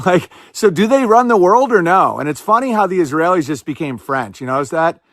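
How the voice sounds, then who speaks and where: A man hosting a podcast, talking in casual, sarcastic commentary with quick bursts and lots of "like". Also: high-pitched, expressive, background noise. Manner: rapid, sarcastic, fillers of "like". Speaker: podcast host.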